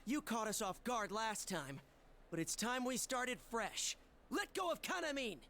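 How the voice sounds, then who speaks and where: Game ally: determined young idol, lively delivery. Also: female voice, on the high side, unhurried, a little hiss or hum.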